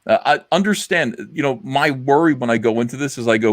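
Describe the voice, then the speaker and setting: A man's voice: medium pitch, brisk, no echo, studio quality. A middle-aged man hosting a casual livestream chat, rambling and blunt with lots of fillers. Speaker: livestream host.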